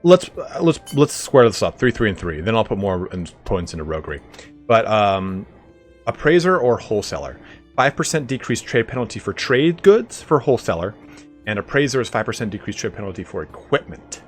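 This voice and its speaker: Chatty male game streamer, animated delivery, soft music under him. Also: fairly low pitch, normal speed. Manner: chatty, greets viewers, bursts into excited reactions. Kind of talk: casual live-stream commentary.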